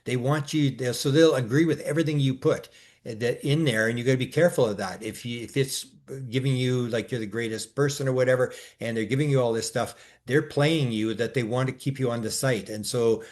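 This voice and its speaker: With a brisk pace and mid-range voice, this male co-host rambles at length in a casual discussion, full of restarts and filler sounds. Retelling his exchanges, he gets increasingly animated.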